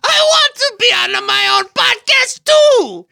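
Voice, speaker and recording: A woman voicing a sleazy villainous adult male rival brother with a hammy put-on Italian accent, shrill and defiant. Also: animated, slow pace, vocal fry, pushed and bright, no echo, shouting, studio quality, full character voice. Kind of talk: improvised podcast parody.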